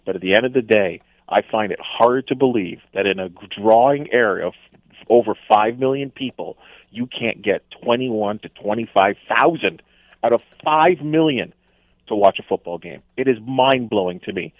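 A man's voice: on the low side, moderate pace, dry recording. A male sportscaster calling in to a radio show, speaking emphatically and sounding exasperated. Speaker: sportscaster guest. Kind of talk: phone-in radio chat. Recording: tinny phone line.

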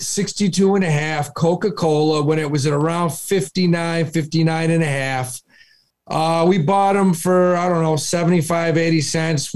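A man with a high voice talks stock trades on a casual podcast. He speaks bluntly and swears freely. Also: darkish tone. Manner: blunt, profane. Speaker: podcast co-host.

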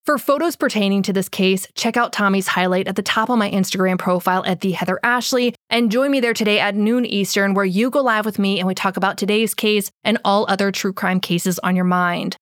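A woman's voice: medium pitch, brisk, few pauses, dry recording, studio quality. A woman hosting a true crime podcast who speaks bluntly and swears a lot, and says she is losing her voice. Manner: blunt and heavily profane. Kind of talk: podcast narration and unscripted outro rant.

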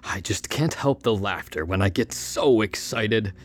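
A man's voice: lowish voice, lively intonation, unhurried. An actor playing a sinister, giggling carnival showman in an audio drama, speaking in a gleeful, teasing way.

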